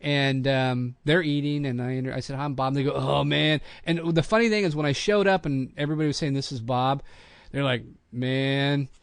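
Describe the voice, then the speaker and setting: A middle-aged man tells a long anecdote in casual podcast chat, slipping into other people's voices for the quotes. His voice sits at an ordinary pitch. It is recorded dry and close, with no room sound. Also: normal speed, gravelly, clear, resonant tone, no echo. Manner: animated anecdote-telling, acts out quotes. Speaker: podcast host, voice actor.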